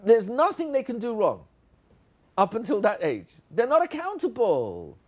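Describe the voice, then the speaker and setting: Animated man demonstrating a classroom lesson. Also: very high voice, measured pace. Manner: animated, playful, acts out classroom exchanges. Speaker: teacher trainer. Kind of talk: teacher training demonstration.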